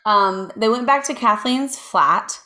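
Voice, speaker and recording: A woman's voice: medium pitch, takes it slowly, bright, forceful tone. Woman on a podcast rambling thru a crime story, ums and side comments, casual. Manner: chatty, lots of ums and asides, reads from notes. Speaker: podcast co-host telling a true crime story. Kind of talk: casual chat.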